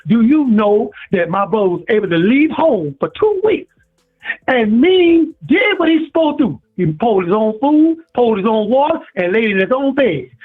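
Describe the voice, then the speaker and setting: A man is calling in and preaching with big swings in his voice, repeating his points as he goes. His voice sits very high and is a bit husky. It comes through a thin, tinny phone line. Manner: preachy, repetitive, animated storytelling. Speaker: caller. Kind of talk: impassioned call-in rant.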